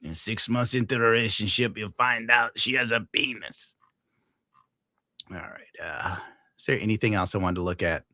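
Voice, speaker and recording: A man reacts to clips in casual, crude commentary, laughing often and slipping into mock voices. His voice is bright and forward. It sounds dry and close to the mic. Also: on the low side, moderate pace, no room sound. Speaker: streamer host.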